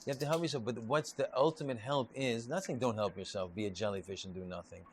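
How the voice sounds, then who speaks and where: A man's voice: medium pitch, fast. Man teaching Torah in loose talk. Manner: repetitive, restarts often, lively storytelling. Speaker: rabbi. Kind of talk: informal Torah class.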